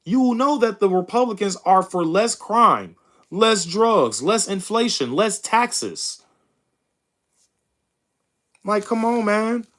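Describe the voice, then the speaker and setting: A young man runs a political stream in a combative, mocking rant aimed at his chat. His voice sits high and swings widely in pitch. He peppers his lines with bro and dude. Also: lively intonation, slow pace, pauses often, fairly bright tone. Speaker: host of a political livestream reading chat. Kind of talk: heated casual commentary.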